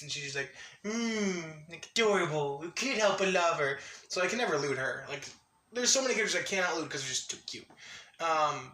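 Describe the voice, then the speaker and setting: Man, casual vlog, excitable, laughs a lot, bright tone, distant echoey mic. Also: on the high side. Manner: excitable, laughs often, restarts sentences. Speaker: anime vlogger. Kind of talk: casual rambling monologue.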